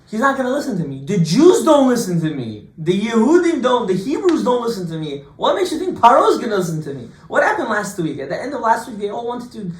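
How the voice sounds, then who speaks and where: A man, a rabbi, giving an informal Torah class to students, lively and joking, full of rhetorical questions. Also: extremely high pitch. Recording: echoey room, distant mic, faint hiss.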